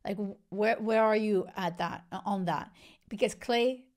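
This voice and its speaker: Speaking a little slowly in a mid-range, somewhat mellow voice, this young host lives in Spain. She gushes her way through a casual reality-show conversation, often restarting and padding with fillers.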